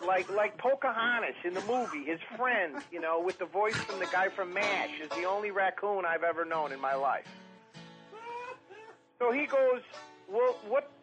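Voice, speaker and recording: A man telling long, profane comic stories in a rambling, animated way, often mimicking other people. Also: high-pitched, normal speed, music in the background, poor audio. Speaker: storytelling podcast guest.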